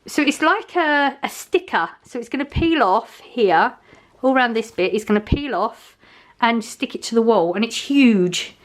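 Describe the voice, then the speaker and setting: A woman's voice: fairly high pitch, expressive, moderate pace. A middle-aged woman, chatting casually to camera in a rambling way, with many fillers and restarts. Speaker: vlogger.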